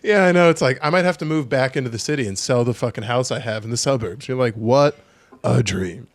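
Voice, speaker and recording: A young man hosting a podcast in loose, joking chat, animated and swearing freely. His voice sits mid-range, and the room sounds dead dry, close on the mic. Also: medium pitch, fast talker, dry recording. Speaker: podcast host. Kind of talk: casual chat. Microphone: studio podcast mic.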